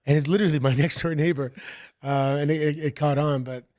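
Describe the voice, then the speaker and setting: A man's voice: fairly high pitch, fairly quick. Middle-aged canadian guy, laid back, rambles through stories, full of ums and likes. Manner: relaxed, rambling storyteller. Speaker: guest, wrestler. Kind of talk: casual interview chat.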